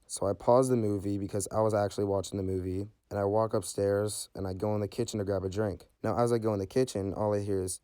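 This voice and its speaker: Fast-talking flat-voiced young man. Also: lowish voice, clean tone, no room sound, studio quality. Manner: rambling, swears freely, lots of "like" and "you know". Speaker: storyteller. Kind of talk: casual storytime vlog.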